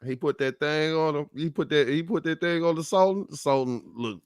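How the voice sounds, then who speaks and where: A man's voice: a little high, brisk, smooth, no echo, studio quality. A man co-hosting a casual podcast, emphatic and jokey, often acting out quotes. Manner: emphatic, jokey, slips into quoting characters.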